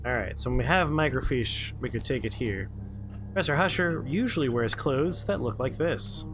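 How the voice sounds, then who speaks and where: A man's voice: mid-range voice, animated, moderate pace. A man streaming a horror game, giving casual, rambling commentary full of jokes and puns. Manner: jokey, rambling asides and puns. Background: horror game music playing clearly.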